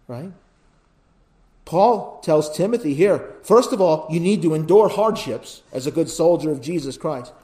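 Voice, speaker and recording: A man preaching a sermon as pastor, building to loud emphatic repetitions, then dropping to quiet pleading, and often asking his listeners "right?". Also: on the high side, expressive, a little slow. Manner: asks the congregation "right?".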